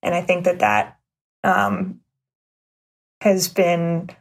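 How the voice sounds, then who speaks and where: A woman with a husky, slightly low voice talks easily about her band. She keeps a relaxed, conversational manner and laughs between remarks. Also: drawn-out words. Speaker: band member. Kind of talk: casual chat.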